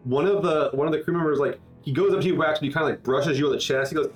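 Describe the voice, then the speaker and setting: A man's voice: fairly high pitch, racing, soft background music. A man narrating as game master in a tabletop game, rambling and full of filler words and swearing.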